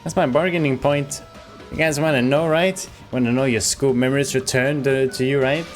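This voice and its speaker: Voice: medium pitch, steady tone, moderate pace, faint music behind, natural voice. A streamer voicing a gleeful male bear mascot who teases in a sing-song way while reading game dialogue aloud.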